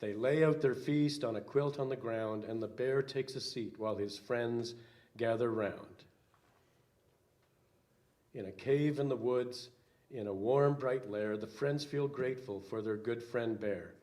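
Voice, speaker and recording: An older man, a minister, reading a children's story aloud slowly with some hesitant fillers. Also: medium pitch, darkish tone.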